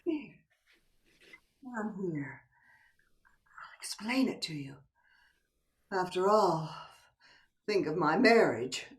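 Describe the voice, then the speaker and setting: A woman's voice: lowish voice, animated, slow, long pauses. A woman playing a coquettish married woman in a stage play, teasing and dropping to whispers. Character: coy married woman playing a seductive game. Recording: echoey room, from a distance.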